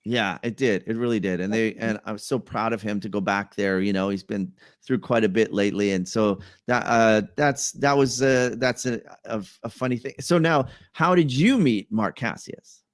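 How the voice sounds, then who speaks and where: A man's voice: on the low side, normal speed, few pauses, no echo, clean studio sound. A man hosting a casual video-call chat, asking questions and chiming in with short replies. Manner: eager interviewer, lots of short backchannels. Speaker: host.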